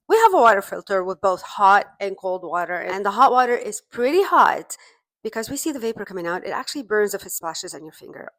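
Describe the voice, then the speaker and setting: A woman's voice: mid-range voice, a bit bright, dry recording. A mom vlogger telling stories to her phone camera in a chatty, self-deprecating way, laughing at herself. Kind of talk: casual storytelling to camera.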